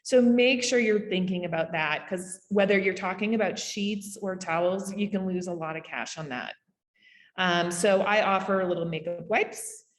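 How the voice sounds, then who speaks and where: A woman with a Canadian accent gives a casual summit talk over a video call, with quick asides and lots of fillers. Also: mid-range voice, in a large hall. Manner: chatty, rapid asides, frequent fillers. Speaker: summit speaker on short-term rentals. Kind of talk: casual presentation.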